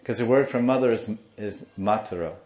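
A man with a low voice tells devotional stories in a lecture, acting out the people in them. The recording is muffled and sounds roomy. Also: fairly quick. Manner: animated storyteller, acts out the people in his story. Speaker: spiritual teacher.

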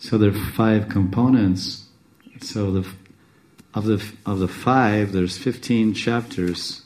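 A man teaching a scripture class, rambling with restarts, self-interruptions and chuckles, in a speaking style he calls a monotone. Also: lowish voice, takes it slowly, rough recording. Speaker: spiritual teacher.

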